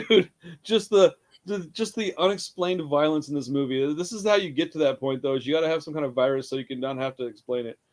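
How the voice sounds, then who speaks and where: A man's voice: a little high, fast, hardly any pauses. A man chatting casually about a horror movie, hyper and tired, swearing often, laughing a lot and acting out scenes. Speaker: podcast co-host. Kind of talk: casual movie review chat.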